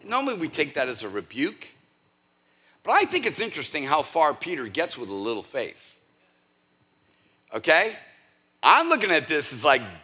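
A male pastor giving a conversational, animated sermon with casual asides to his church. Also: mid-range voice, measured pace. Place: church sanctuary.

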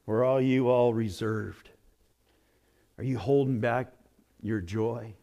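A male pastor preaching a sermon with lively delivery, moving between loud exclamations and quiet, hushed asides. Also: medium pitch, slow, vocal fry, lo-fi sound.

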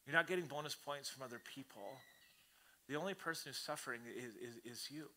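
A man preaching a sermon to his church congregation in an animated, conversational way, often acting out the voices he quotes. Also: medium pitch, fairly quick, slight background noise. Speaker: pastor. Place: church service before a congregation.

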